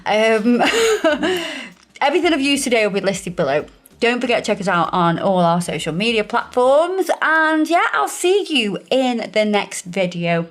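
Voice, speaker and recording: A woman's voice: fairly high pitch, sing-song, a little slow. A woman with a Stoke-on-Trent Potteries accent, chatting and laughing as she hosts a nail art video. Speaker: nail artist and channel host. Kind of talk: casual chat while doing nails.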